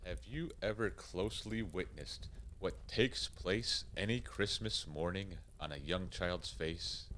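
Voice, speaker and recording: A man voicing a calm, wise Santa Claus in a rhyming radio play, gently lecturing. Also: deep voice, slow pace, hardly any pauses, slight background noise. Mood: tender.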